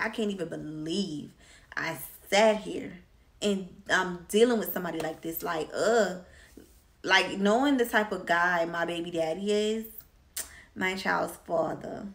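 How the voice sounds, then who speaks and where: A young woman, a vlogger, telling a candid, slangy story time, swearing freely as she goes. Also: fairly low pitch. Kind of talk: casual storytime.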